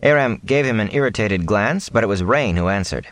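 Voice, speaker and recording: Deep-voiced man reading a story. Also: lively intonation, normal speed, hardly any pauses, fairly bright tone, no room sound. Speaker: audiobook narrator. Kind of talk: storybook narration.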